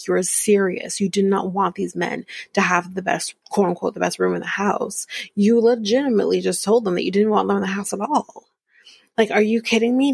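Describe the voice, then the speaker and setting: A woman recaps a reality show on her podcast, blunt and exasperated, and she swears as she goes. Her voice has a gravelly, husky edge. She is recorded close up in a dry, dead room. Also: mid-range voice, no echo. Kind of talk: casual recap commentary.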